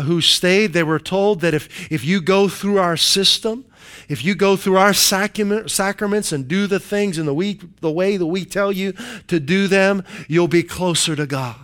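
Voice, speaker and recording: A man preaches with a smooth, clear voice that sits a little higher than most. He takes his time, driving each point home with repetition and quoted verses. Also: a bit bright. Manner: emphatic preaching with repeated phrases and scripture quotes. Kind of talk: sermon.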